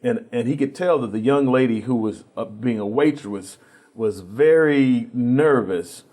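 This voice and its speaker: A man's voice: mid-range voice, unhurried. Man telling a story with quoted voices. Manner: relaxed storyteller acting out quoted voices, with frequent restarts. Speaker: guest. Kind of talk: storytelling in a TV interview.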